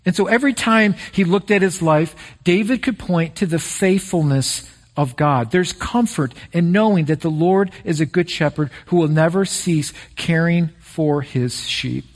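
A middle-aged male pastor preaching a sermon in a folksy, personal way, telling stories and slowing down to stress key phrases. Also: on the high side. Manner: folksy and personal, prays then tells stories.

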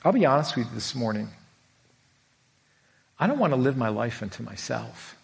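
A man's voice: mid-range voice, very animated, normal speed, vocal fry. A middle-aged man preaching an earnest sermon, often acting out the voices he quotes. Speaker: pastor.

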